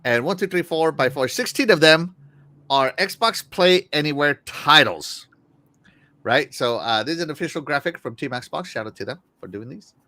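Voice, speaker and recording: Man, gaming show host, bright tone, upbeat and jokey, trails off quietly. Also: fairly high pitch, animated, moderate pace, no echo. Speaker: podcast host. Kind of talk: casual gaming talk show.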